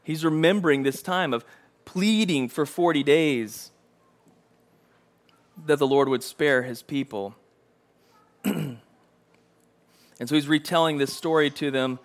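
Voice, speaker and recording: A male preacher with a slightly high voice delivers a sermon to his congregation in a relaxed, conversational way, speaking slowly with long pauses. When he quotes lines, he acts them out with mounting intensity.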